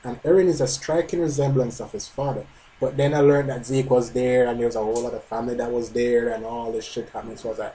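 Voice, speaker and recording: A man's voice: mid-range voice, steady tone, quick pace, mellow, rough recording. A man hosting a live manga reread, reacting in a casual, joking and profane way.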